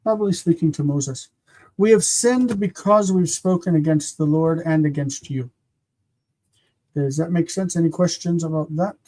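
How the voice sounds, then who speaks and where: A teacher hosting a live-streamed grammar lesson, explaining slowly and patiently with frequent pauses and repeating words aloud. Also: mid-range voice, dark tone.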